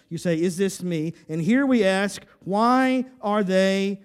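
A man's voice: high-pitched, expressive, slow, few pauses, clean tone. A man pastor preaching a sermon, emphatic and full of rhetorical questions, often repeating words as he restarts a phrase.

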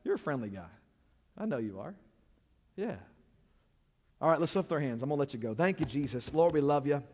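A man preaching as a pastor, plain-spoken and direct, his delivery swinging between loud emphatic lines and hushed ones. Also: medium pitch, big pitch swings, fairly quick, husky. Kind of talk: sermon. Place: church. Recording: long reverb of a church hall.

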